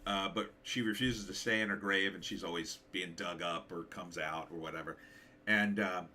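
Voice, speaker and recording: A middle-aged man, slightly hoarse, hosting a casual livestream, thinking aloud and reading out viewer comments with hums and fillers. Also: low-pitched, steady tone, normal speed, pushed and bright, a little hiss or hum. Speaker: livestream host, author.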